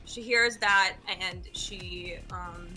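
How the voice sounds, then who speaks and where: A woman's voice: lowish voice, drawn-out words, bright, forceful tone, faint music behind. A woman playing in a tabletop role-playing game, hesitant and thinking aloud. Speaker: player. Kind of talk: casual tabletop play.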